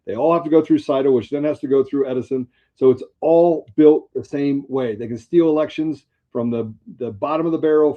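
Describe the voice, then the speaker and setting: A man explains at length over a video call in an earnest, steady way. The audio sounds dull and lo-fi. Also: medium pitch. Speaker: guest commentator.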